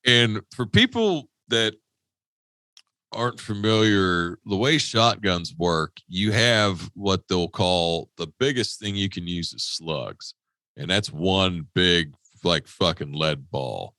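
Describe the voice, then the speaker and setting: A man from West Virginia tells a story on a podcast, swearing constantly and restarting his sentences as he goes. His voice is lively, swinging up and down in pitch, with a bright edge. The sound is dry, with no room echo. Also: takes it slowly. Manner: rambling, profane, frequent restarts. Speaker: podcast co-host. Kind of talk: casual storytelling. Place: podcast studio.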